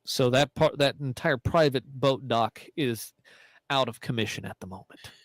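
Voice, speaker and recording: Brief: average-pitched male co-host, meandering storyteller, dry mic. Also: moderate pace, no room sound, low-quality recording. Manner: rambling, self-correcting. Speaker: podcast co-host. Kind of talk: casual podcast storytelling.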